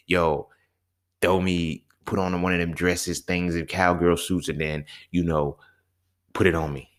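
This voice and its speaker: A young podcast host tells a casual, profane story, often asking "you feel me?" His slightly bright voice swings between low mutters and sudden high exclamations.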